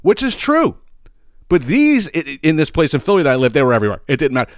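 A man's voice: a little high, wildly swooping pitch, fast, no room sound, clean studio sound. A man hosting a podcast, telling a rambling, profane story full of fillers and sidebars. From Philadelphia area. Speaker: podcast host. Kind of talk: casual comedic monologue.

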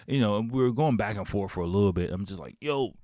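Deep-voiced man telling a rowdy story. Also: fast, dark tone, dry recording, studio quality. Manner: rambling, profane, laughs often. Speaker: podcast host. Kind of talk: casual storytelling.

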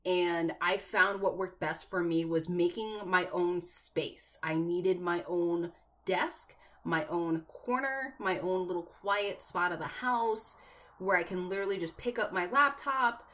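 Low-voiced woman podcast co-host. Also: a little slow, fairly bright tone. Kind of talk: casual podcast chat.

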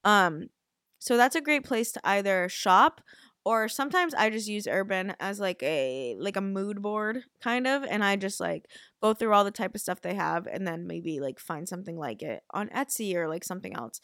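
A woman's voice: mid-range voice, lively intonation, moderate pace, a bit bright, no room sound. Young woman podcasting, rambly and casual, swears a bit, dry close sound. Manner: chatty, lots of fillers, swears casually. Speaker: podcast host. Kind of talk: casual chat.

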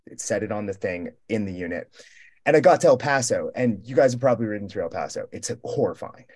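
A man's voice: fairly low pitch, lively intonation, fast, a little mellow. A young man telling a long travel story in casual roundtable talk, rambling and profane, acting out the people he met in quoted lines. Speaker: roundtable guest.

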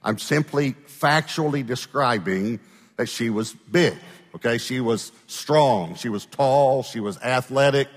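A man's voice: medium pitch, a little slow, in a large hall. A male pastor telling a story in a sermon, talking conversationally and often checking in with his listeners.

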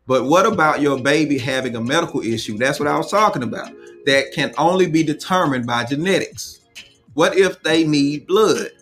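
A man's voice: fairly high pitch, a bit bright. A man hosting a casual live chat, reading viewer comments aloud and giving firm opinions.

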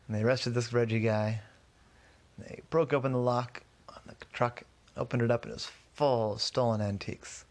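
A man telling a detective story in a relaxed, rambling way, sometimes correcting himself as he goes. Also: mid-range voice, a little fast. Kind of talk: casual storytelling.

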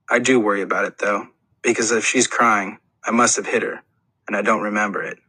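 A man's voice: lowish voice, steady tone, fairly quick, sharp tone, husky, dry recording, poor audio. A man reading a first-person audiobook in an earnest, plain storytelling manner. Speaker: audiobook narrator.

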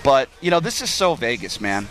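A man's voice: mid-range voice, very animated, moderate pace, a bit bright. A man hosting a live talk show from an outdoor pool, chatty and joking as he rambles on. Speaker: radio show host. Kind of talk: casual live broadcast chat. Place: outdoor pool at a Las Vegas club.

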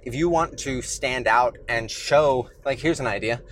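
A man's voice: medium pitch, unhurried, a bit bright, slight background noise. A man hosting his own podcast in a loose, conversational way, slightly out of breath after the gym, with lots of fillers and restarts. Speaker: podcast host. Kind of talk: casual solo podcast talk.

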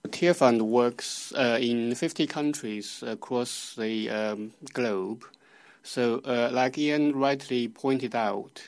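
A man's voice: medium pitch, no room sound. A man being interviewed on radio as a project manager, speaking hesitantly with many fillers.

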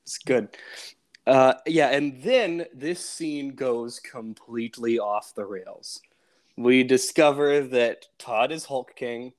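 A man's voice: mid-range voice, takes it slowly. An enthusiastic man co-hosting a casual podcast, with an ordinary mid-range voice. He laughs a lot and retells scenes in loose conversation. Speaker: podcast co-host.

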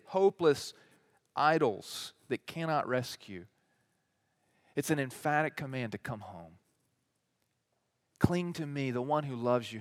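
A man preaching a sermon as teaching pastor, building to emphatic peaks and then dropping soft, with repeated rhetorical lists. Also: mid-range voice.

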